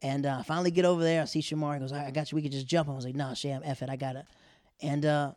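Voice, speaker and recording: Young man, animated storyteller, slightly high voice, dry close sound. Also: rapid-fire, dry recording. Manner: animated, laughing, slangy asides. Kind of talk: casual storytelling.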